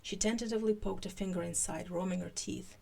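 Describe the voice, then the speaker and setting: A woman hosting a podcast, giving a live fan fiction reading with an animated delivery that turns halting in her asides. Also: lowish voice, creaky.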